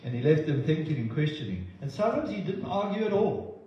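A man preaching a sermon in an earnest way, often repeating words as he goes and acting out quotes with lively voices. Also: a little high, brisk. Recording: very echoey, slightly dull sound.

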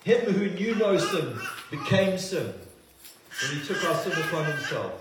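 Impassioned pastor in an echoey hall. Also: male voice, a little high, a little slow, heavy background noise. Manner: impassioned, swings between forceful and hushed. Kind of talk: sermon. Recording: echoey hall recording from a distance.

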